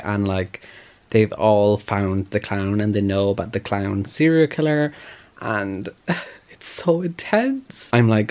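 A book vlogger, a man, chats casually about reading in a gushing, animated way, leaning heavily on "like." His voice is on the low side, and he records on a camera in a room at home where the lights are sometimes off.

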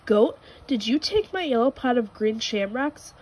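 A woman voicing an eager, cheerful young male rabbit in a storybook reading, speaking brightly and earnestly. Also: fairly high pitch, lively intonation, unhurried, low-quality recording. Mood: dismayed.

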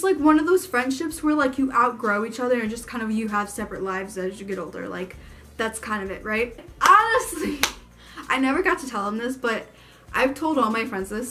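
A woman's voice: a little high, pushed and bright. A young woman telling a personal story on her vlog, frank and emphatic, swearing freely. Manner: frank and profane, lots of swearing; fired up and emphatic. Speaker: vlogger.

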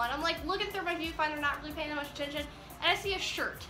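A high-voiced teenage girl rambles giddily through a vlog story, packing her sentences with "like". Her tone is bright and sharp. The room rings with echo, and faint music plays behind her. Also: racing. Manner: giddy, rambling with many "like"s. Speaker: vlogger. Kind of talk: excited storytime chat.

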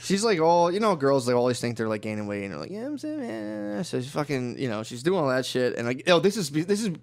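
A man in casual podcast chat, rambling through a story with constant swearing and bursts of laughter. His voice sits at an ordinary middle pitch. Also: very animated, fast. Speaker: podcast co-host.

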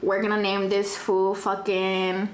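A young woman, telling a dramatic storytime in casual chat, profane and animated, dropping in Spanish phrases. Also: medium pitch, unhurried, slight background noise. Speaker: vlogger. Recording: echoey room, faint ambience.

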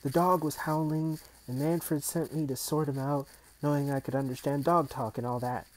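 A man's voice: fairly high pitch, flat delivery, moderate pace, voice pushed up, close to an everyday voice, poor audio. A man reading aloud and voicing a small, eager, slightly anxious boy in a raised voice.

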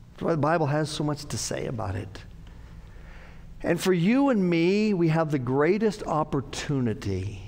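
A man's voice: medium pitch, a little mellow. A man pastor giving an earnest, conversational sermon in a church, repeating his phrases for emphasis. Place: church sanctuary. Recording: long church-hall reverb.

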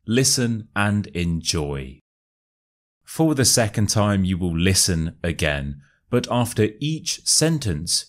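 A young man with a modern RP British accent, teaching pronunciation in slow, carefully enunciated, friendly speech. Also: low-pitched.

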